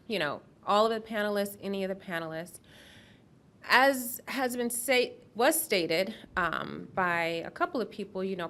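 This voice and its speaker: A woman's voice: mid-range voice, a bit bright. Woman moderating a panel. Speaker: event moderator. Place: event hall.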